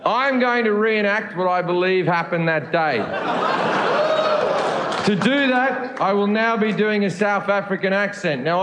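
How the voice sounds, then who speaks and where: A man's voice: sits high, a bit bright. A male stand-up comedian telling dry, provocative jokes on stage. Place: comedy venue. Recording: echoey room with live crowd.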